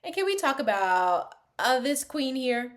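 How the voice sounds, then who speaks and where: A young adult woman chatting casually in a reaction vlog, animated, laughing often and dropping into quiet asides. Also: sits high, a little slow. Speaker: vlogger reviewing a TV show.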